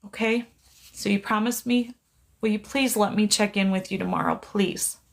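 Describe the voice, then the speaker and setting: During a live stream, a middle-aged psychic medium talks softly and earnestly into her phone to someone who is never heard. Her gentle, pleading voice sits at an ordinary pitch with some vocal fry, and she sounds steady and reassuring at a moderate pace.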